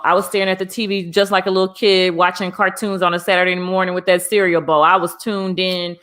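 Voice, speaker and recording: Low-voiced woman hosting a live talk show. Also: a bit bright. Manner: earnest and encouraging, reads out viewer comments.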